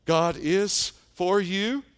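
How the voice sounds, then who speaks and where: A man preaching a sermon, telling stories and often dropping to a hushed tone for emphasis. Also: high voice, clean tone. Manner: storytelling preacher, dramatic pauses, drops to hushed tones. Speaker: pastor.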